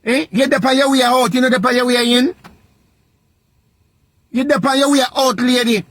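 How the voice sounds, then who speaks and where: A man with a Jamaican accent and a notably high voice, lecturing someone in a vlog rant. He hammers points by repeating them in a sing-song, preacher-like cadence. The sound is close and dry. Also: fairly even intonation, moderate pace, fairly bright tone, no echo. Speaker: vlogger. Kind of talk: scolding social media rant.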